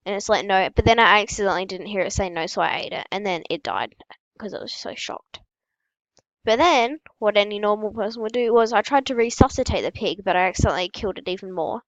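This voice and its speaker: While opening packs, a female gaming host tells absurd, invented stories in a casual, deadpan, matter-of-fact manner. Her pitch is medium, the recording has no room sound, and the highs are cut off.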